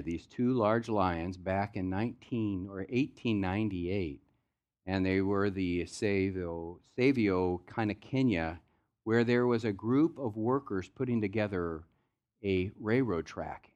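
A man's voice: lowish voice, a little mellow, lo-fi sound. A man preaching a sermon as pastor, in a loose, conversational storytelling way. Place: church sanctuary.

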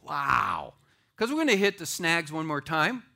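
A man preaching a sermon to a church audience, swinging between loud declarations and hushed asides. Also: fairly high pitch, sing-song, moderate pace, creaky. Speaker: pastor.

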